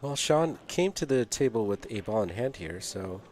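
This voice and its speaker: A man calls a pool match on a live stream in a fairly low, unhurried voice. He is easygoing and chats with the viewers and his co-hosts between shots. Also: animated, darkish tone. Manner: easygoing, laughs along with co-hosts. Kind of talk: casual live-stream commentary.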